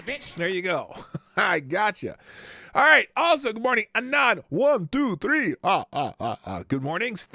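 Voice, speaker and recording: Chatty livestream host, bright and lively. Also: male voice, high-pitched, no room sound. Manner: rambling, chatty, greets viewers by name; self-interrupting, trails off mid-sentence. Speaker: livestream news show host. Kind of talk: casual livestream chat.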